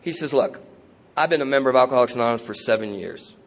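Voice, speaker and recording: A man's voice: medium pitch, pitched below the performer's own voice, close to an everyday voice. A man quoting a stern, kindly parole officer. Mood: firm. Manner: firm, measured warnings.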